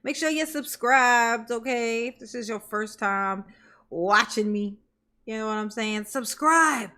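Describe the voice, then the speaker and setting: A woman with a bright, fairly high voice talks over a clip in casual, sarcastic commentary. Her tone is mocking and teasing, and she often breaks into laughter. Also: measured pace. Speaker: commentary streamer.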